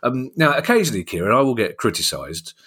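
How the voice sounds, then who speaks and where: A man's voice: medium pitch, big pitch swings, quick pace, fairly bright tone, breathy edge. A man with a South London accent hosting a football finance podcast, chatty and jokey with lots of asides. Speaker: podcast host. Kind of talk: casual chat.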